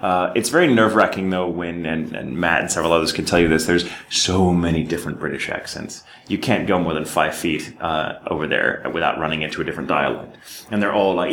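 A man from Texas, a voice actor, telling animated stories at a convention panel and slipping into British voices. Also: low voice, brisk, reverberant, slight background noise. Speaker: voice actor guest.

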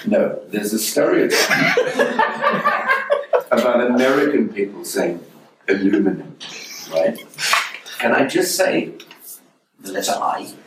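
A middle-aged Englishman with a mid-range voice and wildly swooping pitch speaks slowly, pausing often. He's a guest in a casual interview, telling rambling, wry anecdotes and restarting a lot. The room is echoey, the mic distant, with faint noise in the background.

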